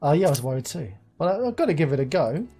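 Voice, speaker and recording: A woman reading the lines of a stressed young man worried about his partner, in a low, weary mutter. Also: big pitch swings, rapid-fire, mellow, soft background music. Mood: upbeat.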